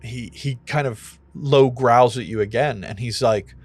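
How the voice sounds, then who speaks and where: A man's voice: medium pitch, a little slow. Man narrating as game master. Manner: relaxed, with frequent fillers.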